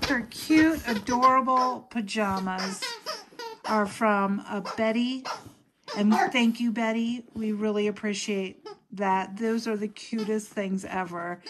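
A woman chatting to her dog in a pet vlog, cooing in a high sing-song voice and laughing often. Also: slow, background noise.

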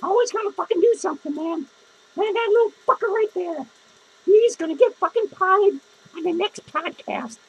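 Man voicing a lonely female clown, very high squeaky voice, drunk, rambling, swearing nonstop. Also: moderate pace, dull audio. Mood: cranky. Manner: cursing constantly, rambling, grumbling. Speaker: podcast host character. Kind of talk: improvised comedy monologue.

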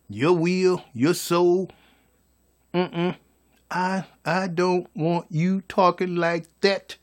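A man giving a folksy, preachy motivational monologue as a vlogger. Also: a little high.

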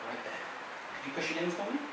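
With a sing-song lilt and quick pace, the magician's voice on the high side keeps up playful banter with his card-trick volunteer. Heavy background noise accompanies the echoey, distant recording from a large theater stage.

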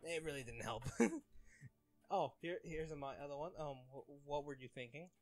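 A man's voice: on the high side, moderate pace, faint music behind. A young man reading fan comments aloud in casual chat, laughing often and getting flustered over names.

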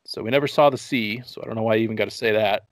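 A man with a lowish voice talks very fast while hosting a casual movie-review podcast over heavy background noise. He rambles through the plot, joking and swearing along the way.

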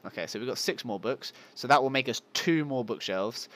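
A man's voice: mid-range voice, brisk, a bit bright. A man giving casual, self-mocking let's play commentary and talking to his viewers. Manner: yelps at game monsters. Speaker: gaming channel host.

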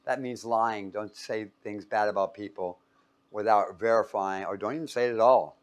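A man teaching a Bible class in a playful way, quizzing his listeners and joking with them as he talks to a live group. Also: mid-range voice. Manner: playful, quizzes the audience and jokes.

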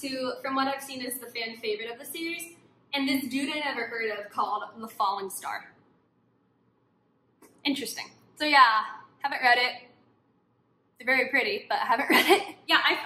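A woman book vlogger chatting casually to viewers while unboxing, gushing and excited as she talks. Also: high voice. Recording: echoey room with faint background noise.

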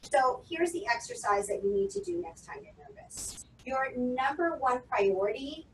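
A woman coaching public speaking in a webinar, calmly instructing and counting out breathing exercises. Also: sits high, normal speed. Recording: roomy echo, distant from the mic, faint noise.

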